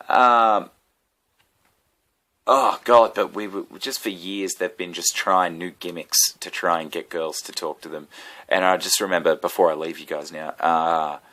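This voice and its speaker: A deep, low-pitched man rambles to camera in a loose, casual monologue. He swears freely and cracks self-mocking asides as he goes. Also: steady tone, measured pace, pushed and bright. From Australia. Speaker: comedian vlogger.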